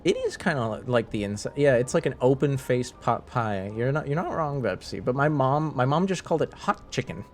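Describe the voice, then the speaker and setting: A man's voice: mid-range voice, sing-song, moderate pace, slight background noise. A man chatting casually with viewers on a live stream, rambling, laughing and restarting his sentences.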